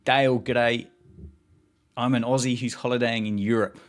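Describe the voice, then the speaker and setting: This livestream host is a man hosting a live cricket watchalong, chatting casually, reading viewers' messages aloud and reacting to the play. His voice is medium in pitch, and he speaks at a normal speed with a flat delivery.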